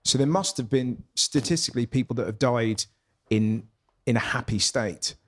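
A man with a mid-range voice talks in a relaxed, reflective way, and many of his phrases trail off. It sounds like a guest speaking casually across a table in a pub. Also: medium pitch, normal speed, slight background noise. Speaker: comedian guest. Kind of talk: casual chat.

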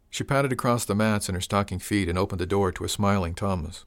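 A man narrating a story in a calm, measured, unhurried way. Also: low voice. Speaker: audiobook narrator.

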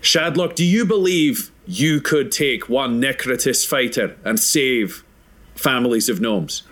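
A man's voice: mid-range voice, a little slow, fairly bright tone. An earnest, commanding hero, as a player puts him on, speaks in formal, resolute sentences. He sounds like a character in a tabletop adventure.

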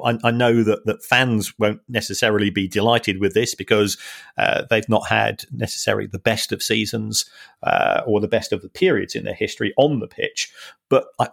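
A man co-hosting a podcast, analysing in a wry, halting way with many restarts. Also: on the low side, vocal fry. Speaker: podcast co-host and finance analyst. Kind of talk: casual podcast chat.

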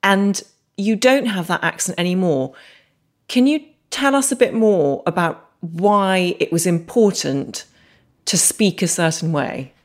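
Woman host, calm and direct, on the low side. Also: unhurried. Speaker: podcast host. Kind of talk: interview questions.

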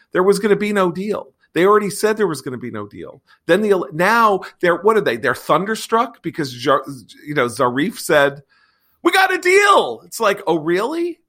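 A man hosting a political talk show, chatting casually and reading a sponsor spot, animated and sarcastic, with frequent digressions. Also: sits high. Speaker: podcast host.

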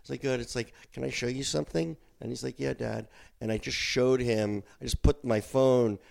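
A man's voice: mid-range voice, normal speed, gravelly. A middle-aged man co-hosting a podcast, chatting casually. He tells stories with lots of energy and slips into the voices of the people he quotes. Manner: animated storyteller, acts out quotes. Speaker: podcast co-host. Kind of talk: casual chat.

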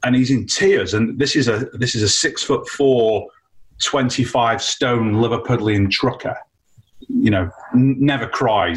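A man, an entrepreneur guest, telling an animated story about his career in a casual, chatty way with frequent fillers. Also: medium pitch, unhurried, poor audio. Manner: animated anecdote with many fillers.

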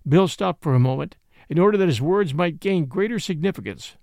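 Man, audiobook narrator, expressive storytelling, gravelly voice, dry sound. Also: on the high side, a little fast, no echo. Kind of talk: audiobook reading.

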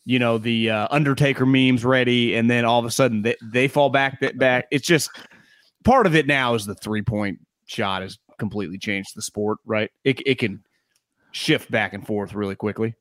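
A man's voice: mid-range voice, fairly even intonation, moderate pace, a bit bright, no room sound, studio quality. A man co-hosting a sports talk show, chatting in a conversational, enthusiastic way. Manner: conversational, enthusiastic, laughs easily.

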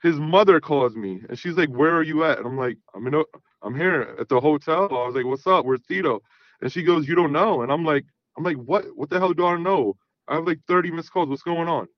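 A man's voice: on the high side, a little fast, dry recording, lo-fi sound. A man in his thirties telling a long personal story in casual chat, rambling and often saying "you know what I mean". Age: 30s. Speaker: guest.

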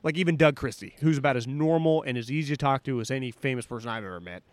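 Animated male podcast storyteller, dry mic. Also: medium pitch, quick pace, no echo. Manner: animated storyteller, acts out quotes. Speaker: podcast co-host. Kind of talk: casual sports chat.

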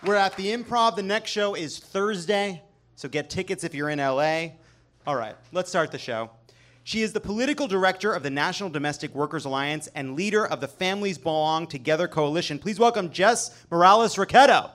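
A man's voice: high voice, lively intonation, fairly quick, fairly bright tone, slight background noise. A man hosting a live comedy show on stage, delivering a sarcastic news monologue and swearing for emphasis. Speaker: host.

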